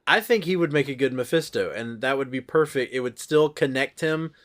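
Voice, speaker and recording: A man's voice: mid-range voice, animated, fairly quick, fairly bright tone. Chatty man hosting a movie podcast. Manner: chatty, explains comic trivia. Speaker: podcast host. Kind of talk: casual movie podcast chat.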